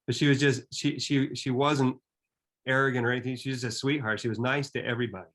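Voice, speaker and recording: A man in his fifties telling a personal story in an earnest, reflective way, often pausing and restarting his sentences. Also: mid-range voice, fairly even intonation, a bit bright.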